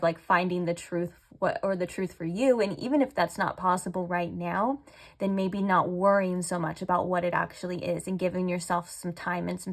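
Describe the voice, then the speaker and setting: A woman giving a casual tarot card reading to her viewers, chatty and full of "like", slowing down and softening her voice when she turns to the cards. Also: on the low side, vocal fry. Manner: chatty, says "like" often. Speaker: tarot reader.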